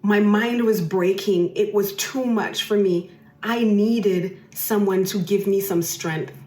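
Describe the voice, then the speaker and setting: A woman's voice: mid-range voice, takes it slowly, dark tone, echoey room. A woman hosting a podcast, telling a personal story emphatically and repeating phrases for effect. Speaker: podcast host.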